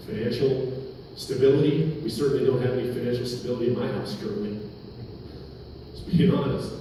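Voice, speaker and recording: A man's voice: mid-range voice, dark tone, a little hiss or hum. A male pastor preaching a sermon, emphatic and dropping joking asides. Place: hall at a men's breakfast. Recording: echoey hall, from far off.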